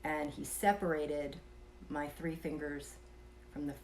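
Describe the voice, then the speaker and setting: Soft-spoken low-voiced woman storyteller. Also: flat delivery, takes it slowly, a little hiss or hum. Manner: soft-spoken, drifting into whispers, chuckling between thoughts. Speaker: vlogger telling a personal experience. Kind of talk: casual storytelling.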